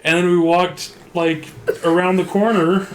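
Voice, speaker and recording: A man's voice: high-pitched, a little slow, a little hiss or hum. Rambling male podcast storyteller, echoey room. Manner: rambling, animated storyteller, lots of "like". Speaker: podcast co-host. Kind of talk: casual storytelling. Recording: roomy echo.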